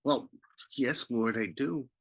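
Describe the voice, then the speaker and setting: A man's voice: mid-range voice, slow, vocal fry, fairly bright tone, full character voice. A man voicing an earnest, impulsive male disciple who protests in a raised, pleading voice.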